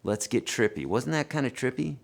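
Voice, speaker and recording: A man hosting a live guitar lesson and Q&A, chatty and animated, talking to viewers as friends and reading their questions aloud. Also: mid-range voice, fairly quick, creaky. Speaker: guitar teacher hosting a livestream.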